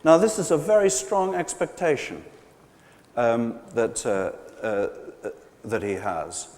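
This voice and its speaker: A man giving a live public lecture, animated and hesitant, with many fillers and restarts. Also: mid-range voice, takes it slowly. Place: large gallery pavilion. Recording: long hall reverb.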